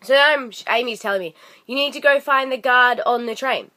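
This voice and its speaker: A young woman vlogging a ranting story, exasperated and animated, acting out what others said. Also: on the high side, normal speed. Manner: animated, exasperated, acts out quoted voices.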